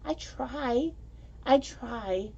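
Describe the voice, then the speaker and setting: A woman's voice: sits high, animated, drawn-out words, vocal fry, warm tone, breathy edge, highs cut off. A woman hosting a casual livestream from home, rambling and giggly, often tripping over her words as she reads the chat. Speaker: livestream host reading chat.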